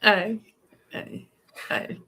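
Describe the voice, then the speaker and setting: A woman's voice: very slow, bright, forceful tone. A Scottish woman co-hosting a tarot livestream, chatting casually, laughing often and swearing now and then. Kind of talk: casual chat.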